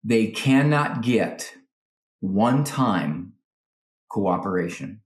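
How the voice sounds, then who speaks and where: Animated man giving parenting advice. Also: fairly low pitch, roomy sound. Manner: acts out parents and kids in quick voices. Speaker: psychologist guest.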